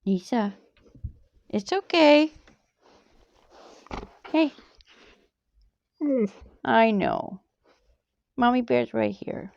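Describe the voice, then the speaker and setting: A woman coos and talks baby-talk to her pets in a casual home clip. Her voice is gravelly and swoops widely in pitch, and she speaks slowly. The sound is dry and a bit dull and lo-fi. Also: animated, a little mellow, dry recording. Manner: cooing, baby-talk to animals. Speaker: pet owner.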